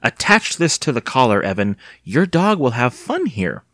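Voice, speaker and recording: A man voicing a cold, stern aunt of about eighty, speaking slowly in a hard voice. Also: medium pitch, very animated, fairly bright tone, dry recording, studio quality. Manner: slow, hard and cold delivery.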